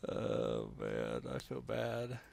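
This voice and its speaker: A man's voice: fairly low pitch, vocal fry. A man running a tabletop game as game master, explaining rules and thinking aloud with many fillers.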